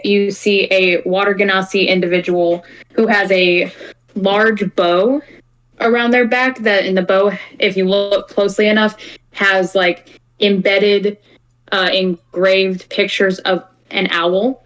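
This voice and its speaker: A woman's voice: mid-range voice, flat delivery, unhurried, a bit bright, rough recording. A woman narrating a tabletop game as game master, chatty and rambling, with many fillers and giggles.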